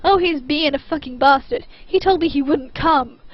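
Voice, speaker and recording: A sulky young vampire, read by a woman, complains in an offhand way. The voice is high and the recording sounds dull and lo-fi. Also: moderate pace, close to an everyday voice.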